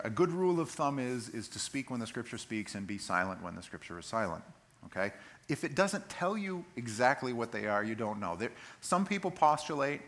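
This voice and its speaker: A man's voice: on the low side, a bit bright. A male pastor giving a sermon, reading scripture and explaining it in a conversational, plain-spoken way.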